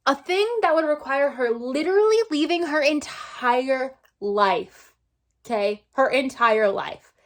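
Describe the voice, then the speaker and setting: A woman's voice: sits high, expressive, a little slow. A woman vlogging a casual book review, exasperated and sarcastic, repeating herself for emphasis.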